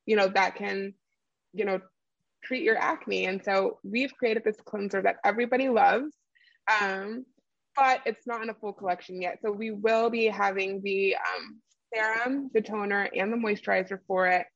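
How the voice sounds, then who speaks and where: A woman's voice: mid-range voice, fairly even intonation, normal speed, gravelly, no echo, muffled recording. A woman who founded a skincare brand, explaining her products in an interview with lots of fillers and easy laughs. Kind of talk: conversational interview answers.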